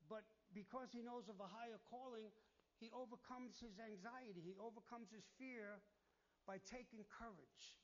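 A man's voice: high-pitched, moderate pace, lo-fi sound. A man preaching a sermon with emphatic delivery, calling for amens and acting out worried inner voices. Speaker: pastor.

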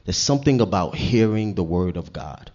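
Male preacher, low voice, conversational sermon that swells into forceful scripture reading, slightly dull recording. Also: lively intonation, moderate pace.

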